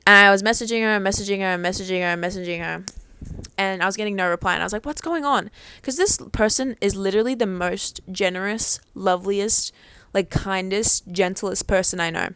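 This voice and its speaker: A woman's voice: mid-range voice, fairly even intonation, brisk, sharp tone, smooth. A young woman vlogger talking casually to camera, rambling with lots of "like" and freely swearing.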